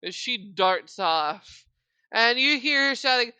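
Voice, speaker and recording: A woman's voice: a little high, lively intonation, takes it slowly, heavy background noise. A woman narrating as game master of a tabletop game, casual and often laughing.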